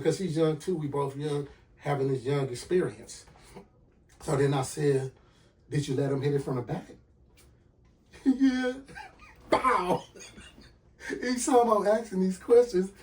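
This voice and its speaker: A man hosting a podcast, telling a personal story with lively acted-out dialogue and sound effects. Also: a little high, far from the mic. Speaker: podcast host.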